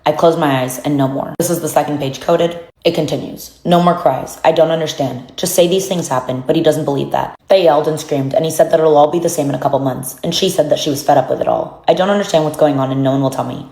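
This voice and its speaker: A woman narrating as she reads journal passages aloud in a solemn, even way. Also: low voice, quick pace, few pauses, echoey room. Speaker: narrator reading documents.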